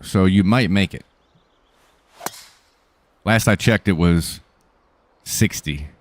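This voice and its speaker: A man's voice: low voice, slow. A man casually greeting viewers by name and answering chat during a live stream, joking in a laid-back way.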